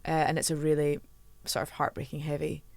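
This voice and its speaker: Chatty Scottish woman, a touch low. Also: monotone, brisk, vocal fry, a little mellow, dry recording. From Scotland. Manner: chatty, laughs often, self-mocking asides. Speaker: podcast host. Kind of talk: casual chat.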